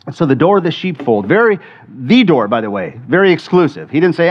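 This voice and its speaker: Man, pastor, sermon, middle-aged, slightly high voice, halting repeated words, muffled recording. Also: sing-song. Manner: conversational preaching with frequent restarts and repeated words.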